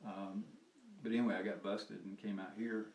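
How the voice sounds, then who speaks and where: In a lowish, level, slightly mellow voice at normal speed, an older Southern US man rambles through a personal story of his activism for an interviewer. Chuckling and profane, he trails off and starts again, picked up by a distant mic in a roomy space with faint noise.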